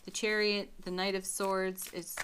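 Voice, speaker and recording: A woman giving a spiritual tarot reading to her viewers, speaking gently and often breaking into soft little laughs. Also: medium pitch, flat delivery, measured pace, noisy background. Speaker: tarot reader.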